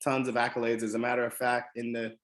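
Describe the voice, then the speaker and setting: Guy from the dc area telling his motivational story, earnest, leans on words, lots of ums, pitch right in the middle. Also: completely flat delivery, quick pace, a bit bright. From Washington DC area. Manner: earnest, emphatic, with frequent ums and restarts. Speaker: motivational speaker.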